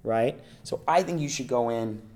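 This acting coach speaks at normal speed in a mid-range voice, offering loose, lively advice during an interview. He keeps tossing in "you know" and "right?" to check in with the listener.

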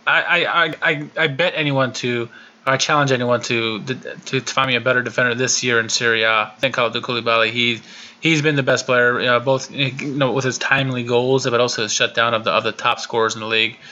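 A man talking football on a podcast, animated and quick, with frequent "uh" restarts. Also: medium pitch, dull audio, a little hiss or hum. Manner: rapid, animated, lots of "uh" restarts. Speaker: podcast co-host. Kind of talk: casual football podcast chat.

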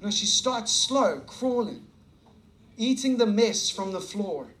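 A young man preaching, telling a story with acted-out dialogue, animated and laughing often. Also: high voice, slow, rough recording. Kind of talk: sermon storytelling.

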